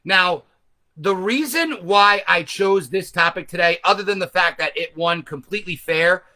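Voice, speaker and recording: Male host, loose profane storyteller who corrects himself as he goes. Bright, high voice. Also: normal speed. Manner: rambling, profane, self-correcting. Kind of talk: casual rambling commentary.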